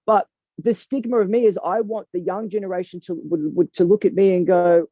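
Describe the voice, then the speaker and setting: A man talks earnestly and reflectively in an interview, leaning into his points with emphasis. His voice sits fairly high but sounds warm and mellow. The recording is dry and dull, with a lo-fi edge. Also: fairly even intonation, brisk, dry recording. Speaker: boxing coach and guest.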